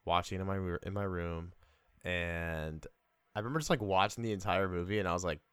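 A young man co-hosting a casual movie chat, talking haltingly with many fillers and restarts. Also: low-pitched, steady tone, fairly bright tone, clean tone, no room sound. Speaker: podcast co-host.

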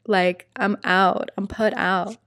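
A woman's voice: mid-range voice, fairly even intonation, slow, fairly bright tone, no room sound, clean studio sound. A young adult woman telling a personal story in a chatty way, full of fillers, acting out what people said. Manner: chatty, lots of "like" fillers, acts out quoted voices. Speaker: yoga teacher and podcast host.

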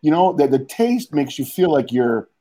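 A man's voice: a little high, very animated, moderate pace, warm tone. A man co-hosting a casual podcast chat, easygoing and agreeable, laughing often. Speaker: podcast co-host.

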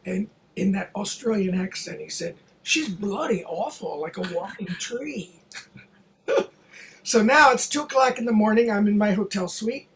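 An older theater producer recounts a story from a long career in a relaxed, conversational way. The telling wanders with fillers and restarts and keeps breaking into quoted dialogue. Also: mid-range voice, gravelly, low-quality recording. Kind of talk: anecdotal storytelling.

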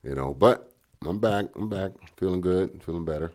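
A man's voice: sits low, moderate pace, a little mellow. A man co-hosting a podcast in laid-back, profane casual chat while recovering from a cold. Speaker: podcast co-host.

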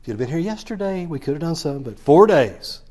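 A man's voice: on the high side, sing-song, fast, darkish tone. A man preaching a sermon, telling a Bible story and acting out the quoted lines as he goes.

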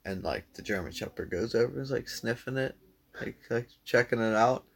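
A man's voice: medium pitch, a little fast, gravelly, slightly rough. A man casually telling a long story to a friend, laid-back, swearing freely and filling his talk with "dude" and "like".

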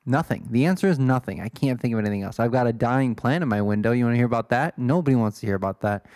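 A man's voice: medium pitch, animated, fast, darkish tone, no echo, studio quality. A man in his twenties from Illinois, rambling through a casual, self-deprecating monologue as a podcast host. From Illinois, USA. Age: 20s. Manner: self-deprecating, swears, wanders off topic.

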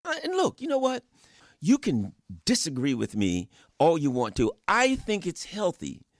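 A middle-aged man delivers furious political commentary, his voice leaping up and down with animated force. He speaks a little higher than most men and hammers his points home with rhetorical questions. The sound is dry and close. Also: moderate pace, dry recording. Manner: fiery, emphatic, rhetorical questions and mocking quoted voices. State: angry. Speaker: radio guest commentator.

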